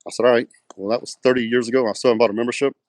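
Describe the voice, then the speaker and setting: A man's voice: mid-range voice, fairly even intonation, rapid-fire, darkish tone, dry recording. A middle-aged man from West Texas with a Texan accent, telling rambling stories with lots of fillers in a casual interview. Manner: rambling anecdotes with many fillers, acts out quoted dialogue. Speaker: guest, pro bodybuilder.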